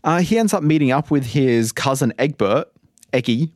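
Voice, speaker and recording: A man co-hosting a casual podcast chat, animated and laughing often as he recaps an episode. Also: normal speed, no room sound, clean studio sound. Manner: animated, laughs often, lively pitch swings. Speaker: podcast co-host.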